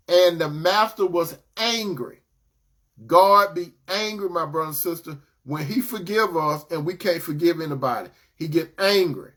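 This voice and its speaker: High-voiced man preaching a sermon. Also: moderate pace, a bit bright. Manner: conversational preaching, addresses listeners as brother and sister.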